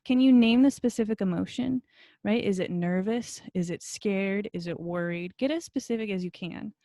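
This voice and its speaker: A woman's voice: medium pitch, normal speed, mellow, no room sound, clean studio sound. A woman instructor recording a video lecture on her computer, talking in a friendly, encouraging way with frequent fillers. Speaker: college instructor.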